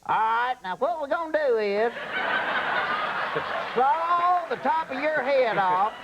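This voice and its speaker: A man's voice: very high-pitched, expressive, slow pace, very noisy, voice pushed up, exaggerated voice. A man voicing a folksy Southern brain surgeon, drawling and matter-of-fact, with a Southern US accent.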